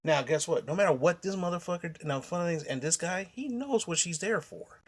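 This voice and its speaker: A man's voice: sits high, lively intonation, a little fast. A man vlogging, telling a personal story in a casual, rambling way, blunt and full of swearing, often restarting his sentences.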